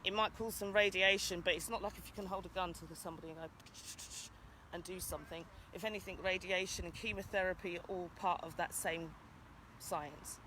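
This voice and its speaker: British woman ranting outdoors into her phone, really bright sharp voice, urges everyone on. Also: fairly low pitch, steady tone, fairly quick, slight background noise. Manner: urgent, exhorting, calls out to passers-by. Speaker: vlogger. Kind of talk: impassioned outdoor vlog rant.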